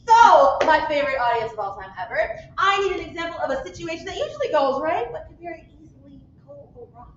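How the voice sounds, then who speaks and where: A woman's voice: high-pitched, quick pace, a little hiss or hum. Woman, improv host, playful, muffled echoey theater recording, distant mic. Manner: lively and teasing with the audience. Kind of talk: hosting an improv comedy show. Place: theater stage.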